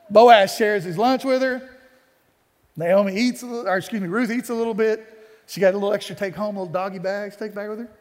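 A male pastor preaching a sermon, telling the story in a conversational, playful way with asides, in a church sanctuary. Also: high voice. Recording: long hall reverb.

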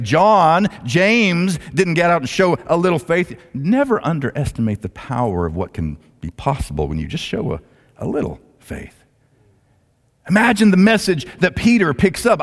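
Animated preacher man with big pitch swings. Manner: dramatic storyteller, swings between loud and hushed. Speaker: pastor. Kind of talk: sermon. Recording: long hall reverb.

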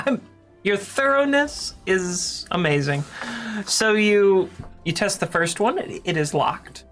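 A woman's voice: medium pitch, lively intonation, slow, pauses often, soft background music. A woman acting as game master, explaining rules and narrating scenes with easy fillers.

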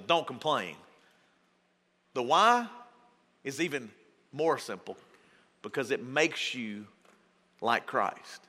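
A man preaching a folksy, joking sermon to his congregation in a large church hall, acting out quoted voices with big jumps in pitch. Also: pushed and bright. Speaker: pastor. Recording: long hall reverb.

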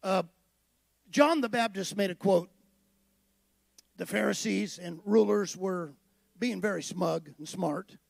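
A man preaching with a high, gravelly voice, talking to his congregation and then pressing his points hard. The sound is dry and close, with no room echo. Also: takes it slowly, pauses often. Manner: conversational preaching, rising to emphatic declarations. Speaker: pastor. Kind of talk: sermon.

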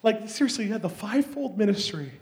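A man from Canada preaching and telling a story in an animated way, often laughing and shouting. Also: high-pitched, fast, a little hiss or hum. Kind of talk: sermon storytelling.

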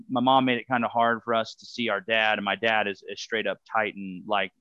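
A man's voice: mid-range voice, bright, forceful tone, no room sound, highs cut off. A man chatting as a podcast guest, telling rambling stories full of fillers and asides. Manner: rambling, filler-heavy storytelling. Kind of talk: casual podcast chat.

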